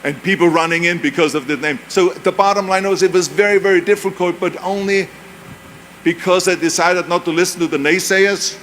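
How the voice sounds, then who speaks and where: This high-voiced man talks a little fast with fairly even intonation and a fairly bright tone, against slight background noise. He's a native German speaker in his seventies from Europe, accented accordingly, giving an emphatic, self-mocking motivational speech built on anecdotes at a university.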